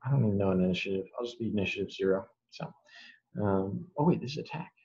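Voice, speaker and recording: Low-voiced young man running a game. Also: dark tone. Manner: casual, quick to laugh, improvising rules on the fly. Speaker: game master. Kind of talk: running a tabletop game over a video call. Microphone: video call. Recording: muffled video-call audio.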